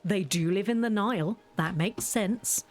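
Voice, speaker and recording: A woman's voice: medium pitch, measured pace, a little mellow. A young woman chatting casually as she plays a game, ranting and laughing often. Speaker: gaming video creator. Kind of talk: casual gameplay commentary.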